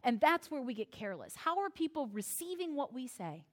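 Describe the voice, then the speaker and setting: This is a sermon by an American woman pastor whose voice is high and bright and whose delivery is brisk. Playful and expressive, she drops in self-deprecating asides and plays out brief quoted conversations.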